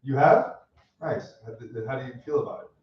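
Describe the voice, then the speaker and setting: A man in his thirties doing a stand-up set with crowd work, deadpan and self-mocking, laughing at his own jokes on a club stage. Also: medium pitch, brisk, slight background noise. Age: 30s. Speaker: stand-up comedian. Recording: roomy, distant, dull club recording.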